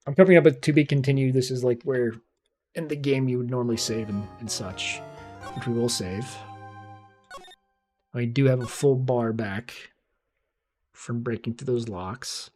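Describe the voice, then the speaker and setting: A man's voice: mid-range voice, normal speed, pauses often, darkish tone. A man streaming a courtroom puzzle game, chatting and thinking aloud about his next moves. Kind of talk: casual game commentary with read-aloud dialogue. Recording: faint music behind.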